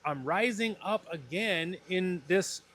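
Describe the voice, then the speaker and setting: A man's voice: high voice, lively intonation, slow pace, fairly bright tone. A man, a podcast guest, telling an earnest and emotional personal story and acting out the dialogue in it. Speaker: podcast guest, breathwork facilitator.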